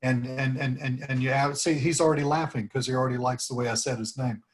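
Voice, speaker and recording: A man's voice: mid-range voice, steady tone, quick pace. A man leading an informal team meeting over a video call, rambling through tips and acting out sample phrases. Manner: rambling, demonstrates phrases with rising intonation. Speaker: team leader coaching cold calls.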